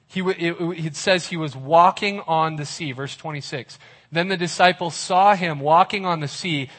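Pastor man with a higher voice. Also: fairly bright tone. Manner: vivid storytelling with casual asides. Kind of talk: sermon.

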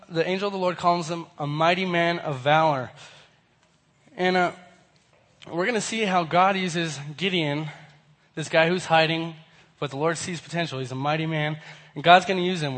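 A young man with a hoarse voice from a cold, casually teaching a Bible lesson to a group and often asking them questions. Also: a little high, moderate pace, fairly bright tone. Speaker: youth pastor.

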